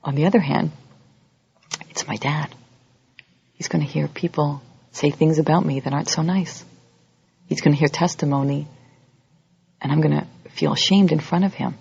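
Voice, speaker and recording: Gravelly-voiced woman giving a lively lecture. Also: normal speed, pauses often, no room sound. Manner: animated, acts out quoted voices with big pitch jumps. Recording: dull lo-fi audio recording.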